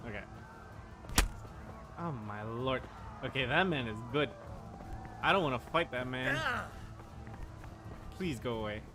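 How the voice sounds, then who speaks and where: A man's voice: medium pitch, lively intonation, a little slow, pauses often, over music. A young man giving casual, flustered commentary while playing a game, with frequent exclamations. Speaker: gameplay streamer.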